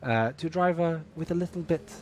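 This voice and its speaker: A man's voice: fairly high pitch, brisk, a little mellow. Man signing off race commentary. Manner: polite, wrapping up, wry. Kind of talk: live motorsport commentary. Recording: faint ambient noise.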